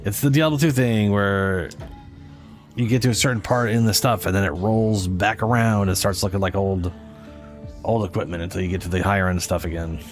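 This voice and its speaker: A man's voice: on the low side, fairly even intonation, fairly quick, soft background music. A man streaming a game, talking casually in a profane, ranting way and often correcting himself. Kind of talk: casual gameplay commentary.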